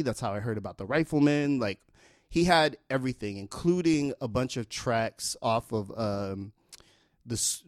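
A man in his forties telling a long casual anecdote in a relaxed, rambling way, with lots of fillers. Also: lowish voice, no echo, clean studio sound. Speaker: storyteller.

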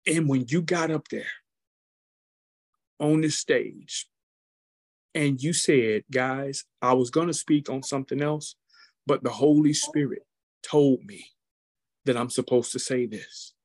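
A man voicing an elderly male ex-prisoner, bitter and broken, in a low and solemn tone within a told story. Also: slow pace, pauses often, no echo, studio quality. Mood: pleading.

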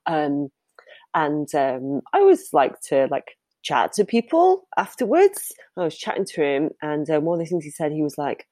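A woman's voice: sits low, very animated, moderate pace, darkish tone, dry recording. A woman, a professional dominatrix, answering interview questions in a candid, chatty way and laughing easily.

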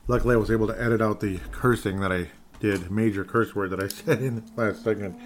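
A man hosting his own sports podcast in a slightly low voice, reading out fan messages between runs of sarcastic, repetitive ranting. He talks off the cuff and keeps coming back to the same few lines. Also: fairly even intonation, fast, slight background noise. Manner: ranting, sarcastic, repeats phrases. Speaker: podcast host.

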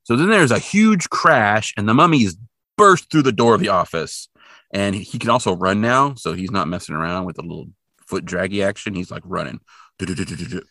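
A man casually recapping a cartoon episode for a podcast, joking and acting out the characters in squeaky voices. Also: normal speed, dry recording, clean studio sound. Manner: animated, jokey, acts out characters in high squeaky voices. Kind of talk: casual chat.

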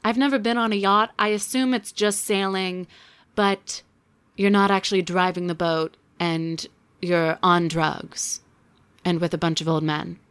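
A woman in her twenties reviewing a book in casual commentary, with sarcastic deadpan asides. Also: on the low side, a little slow, clean tone.

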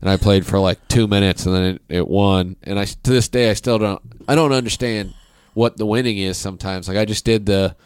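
A man in his thirties co-hosting a podcast, chatting in a relaxed, joking way. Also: lowish voice, brisk, few pauses, smooth, dry recording, studio quality. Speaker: podcast co-host. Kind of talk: casual podcast chat.

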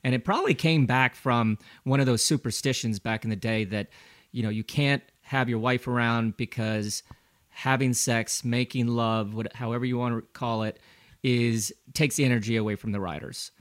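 A man's voice: mid-range voice, fairly even intonation, moderate pace, no echo, clean studio sound. A man who is a former pro cyclist and a guest on a casual interview, telling easygoing anecdotes and acting out the lines he quotes.

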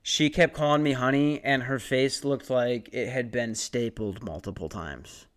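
A young man in his twenties spins a long, rambling comic story on his podcast, swearing freely and mocking himself. His voice is smooth and resonant, pitched in a middle range for a man. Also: measured pace. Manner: rambling, profane, self-mocking. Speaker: podcast host.

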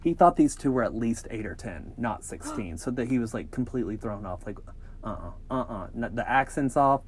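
A man co-hosting a podcast, reading scary stories aloud with jokey, animated asides. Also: mid-range voice, a little fast, slight background noise. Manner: jokey, animated, breaks into laughter and cheeky asides. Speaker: podcast co-host.

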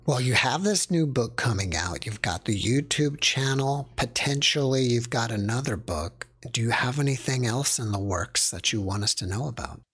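A man hosting a podcast, asking calm, brief interview questions. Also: mid-range voice, normal speed, few pauses, husky. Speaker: podcast host.

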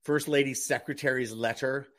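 A man's voice: medium pitch, steady tone, normal speed, fairly bright tone. An older man co-hosting a radio talk show, chatting and gossiping in a self-deprecating way. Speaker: podcast co-host. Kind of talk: casual chat.

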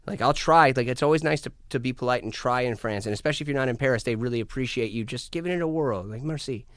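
An American man in casual chat, talking in an animated, profane, ranting way with put-on quotes. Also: medium pitch, fast, dry recording. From United States. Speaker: guest musician.

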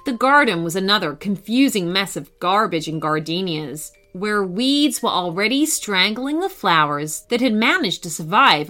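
A woman narrating a children's story in an expressive, playful storybook manner, with faint music behind. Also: mid-range voice. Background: faint background music.

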